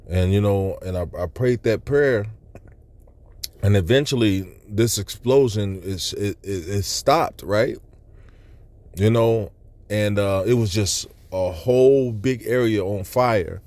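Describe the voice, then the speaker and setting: A man's voice: fairly low pitch, slow pace, a little mellow. A man telling a religious testimony about a vision in a loose, rambling, earnest way, with many asides. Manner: loose, rambling storytelling full of "you know" asides. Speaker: person sharing a religious testimony. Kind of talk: personal testimony recounting a vision.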